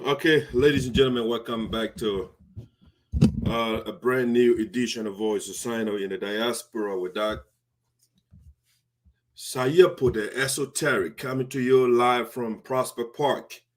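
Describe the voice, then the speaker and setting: A man's voice: fairly low pitch, fairly even intonation, a little slow. A man from Liberia hosting a live diaspora talk show. He chats loosely, restarts his sentences, and talks through his own equipment checks. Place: home studio. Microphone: headphones with a microphone.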